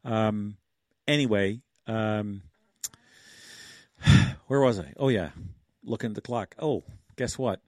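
A man's voice: on the low side, slow pace, pauses often, darkish tone, no echo, studio quality. A man in his sixties from Canada, hosting a casual livestream, rambling, chuckling and thinking aloud as he talks to his viewers. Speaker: livestream host.

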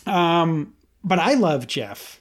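A man's voice: fairly high pitch, very animated, extremely slow. A young man hosting a podcast, chatting casually, laughing and reading quotes aloud. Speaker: podcast host. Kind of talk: casual chat.

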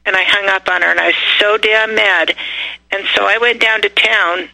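A woman's voice: medium pitch, normal speed, creaky. Older woman telling stories over the phone. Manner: animated, blunt storytelling. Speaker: radio show guest. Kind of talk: casual storytelling. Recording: phone line.

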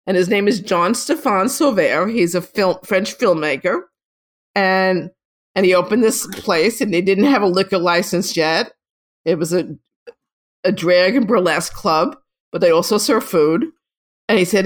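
A woman's voice: medium pitch, moderate pace. Rambling woman photographer telling stories. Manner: rambling, restarts, quotes people in lively put-on voices. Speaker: photographer guest. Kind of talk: casual storytelling interview.

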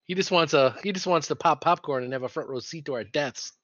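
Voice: mid-range voice, quick pace, a bit bright, no room sound. A player chatting casually during an online tabletop game, rambling with many fillers and laughing often. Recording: dull lo-fi dry audio.

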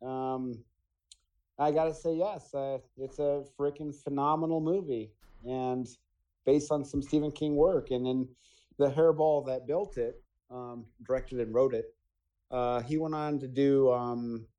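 A man's voice: medium pitch, warm tone, low-quality recording. A man on a casual podcast panel, blunt and profane, telling a story with enthusiasm. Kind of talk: casual chat.

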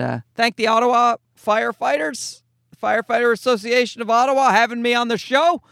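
Middle-aged Newfoundland comic, nasal and high, rambling self-mocking rant in a dry car. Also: male voice, fairly bright tone, no echo. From Canada. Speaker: stand-up comedian and podcast host. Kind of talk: casual rambling monologue. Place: parked car.

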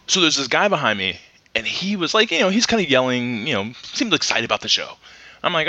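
A podcast co-host with a fairly high, bright, forceful voice talks a little fast in a sing-song way with no echo. He rambles through stories in casual conversation, full of fillers and acted-out quotes.

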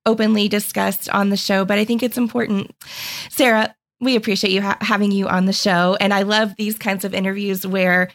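A woman hosting a casual podcast interview, upbeat and quick to laugh. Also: mid-range voice, flat delivery. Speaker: podcast host.

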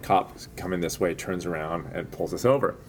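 A man hosting a casual chat, telling stories in a lively way with frequent laughs. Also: low-pitched, moderate pace, soft background music. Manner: animated storyteller, laughs often. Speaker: podcast host.

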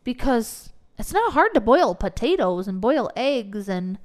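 A woman in her forties, a teacher abroad, telling a story in casual chat and mimicking others in a high voice. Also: sing-song, a little slow.

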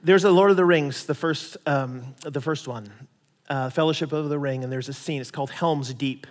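A male pastor preaching a lively, conversational sermon with casual asides. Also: a little high, normal speed, big-room sound. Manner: animated, conversational preaching with asides and paraphrased voices.

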